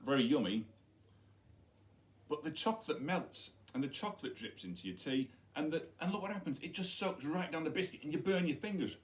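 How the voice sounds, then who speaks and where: A man's voice: fairly high pitch, lively intonation, a little fast. Playful head teacher, man. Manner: playful, chatty, demonstrating with props. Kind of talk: school science week video message to pupils.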